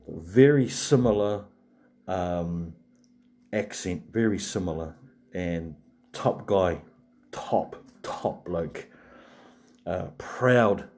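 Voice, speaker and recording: A man's voice: low voice, darkish tone. A man, hosting a live stream and rambling chattily to viewers with many fillers and restarts. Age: 40s.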